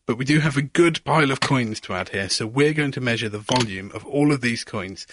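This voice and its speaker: A man's voice: mid-range voice, fairly quick, noisy background. Curious man presenting a science demo. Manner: curious, asks leading questions, narrates each step. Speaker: radio science show presenter. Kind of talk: hands-on science demonstration chat.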